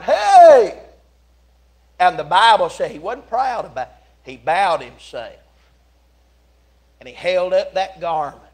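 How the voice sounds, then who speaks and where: A man preaching a sermon in a church, telling the story in a folksy, animated way with big swings from loud to hushed. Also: sits high. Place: church sanctuary.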